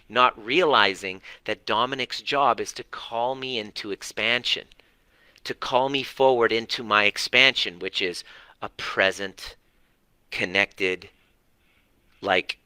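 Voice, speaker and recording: A man's voice: mid-range voice, slow, sharp tone, clear, resonant tone, dry recording. A man talking earnestly to livestream viewers about parenting, repeating words for emphasis and swearing now and then. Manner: earnest, repetitive, mildly profane. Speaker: parenting coach.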